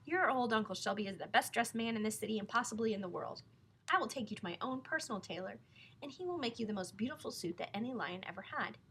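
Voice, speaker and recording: A woman's voice: fairly high pitch, lively intonation, fast talker, pushed and bright, slight background noise. A woman voicing a boastful, dapper older uncle who talks in a grand way.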